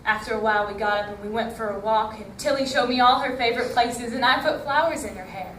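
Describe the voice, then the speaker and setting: A woman with a high voice narrating a dramatic story in the first person, her delivery emotional and theatrical. She sounds distant, as if heard from the back of a reverberant hall, with a faint hum of the room. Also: fast talker, fairly bright tone. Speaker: storytelling competitor. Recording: echoey hall from far off.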